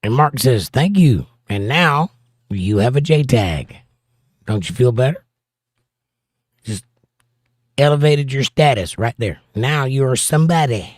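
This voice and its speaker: A middle-aged livestream host with a medium-pitched, animated voice speaks unhurriedly, leaving long pauses, in a studio-quality recording with no room sound. He reads viewer comments aloud in casual chat, dropping wry, joking asides between them.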